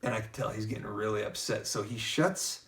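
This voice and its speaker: A man's voice: on the low side, fairly quick, recorded from a distance. A man telling a personal story in casual conversation, acting out what other people said along the way. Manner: lively narrator who keeps acting out quoted dialogue.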